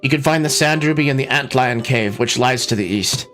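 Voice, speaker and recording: A man's voice: mid-range voice, a little fast, a bit bright, soft background music, close to an everyday voice. A man voicing a timid young prince in a game read-through, plaintive in tone.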